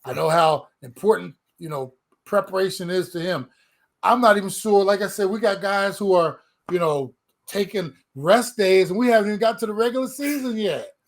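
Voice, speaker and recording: A man's voice: sits high, normal speed. A middle-aged man and former player co-hosting a casual sports podcast, talking emphatically and restarting words as he goes. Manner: animated, emphatic, repeats words when starting.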